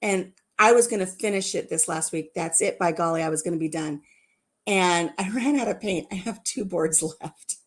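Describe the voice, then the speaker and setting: A woman's voice: on the low side, moderate pace. A woman hosting a casual livestream chat, giggling often and repeating herself as she talks. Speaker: livestream host.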